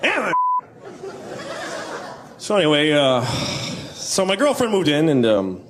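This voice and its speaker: A man's voice: a little high, sing-song, unhurried. A man doing a stand-up set on a club stage, dry and wry in delivery. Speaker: stand-up comedian. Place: comedy club stage with live audience. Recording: live club recording with crowd and noise.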